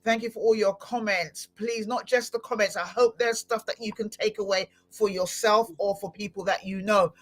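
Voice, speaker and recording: A woman hosting a live-streamed podcast interview, talking in an animated, exclamatory way with frequent laughter. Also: mid-range voice, normal speed, hardly any pauses. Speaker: podcast host.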